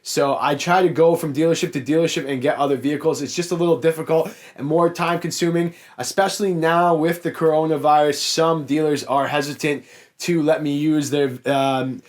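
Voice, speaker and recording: A man's voice: fairly high pitch, fairly even intonation, fairly quick. A young man with a Canadian accent from the Niagara area, a car salesman hosting a casual Q&A and frankly answering viewer comments in a chatty way. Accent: Canadian, Niagara Ontario. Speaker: car salesman and YouTube host.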